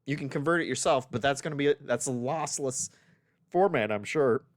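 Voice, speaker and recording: A man's voice: medium pitch, brisk, dry recording, clean studio sound. A man streaming game demos, chatting casually and reacting as he plays. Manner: chatty, reads on-screen text aloud and reacts. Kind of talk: casual live-stream commentary. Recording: game music playing underneath. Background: game music.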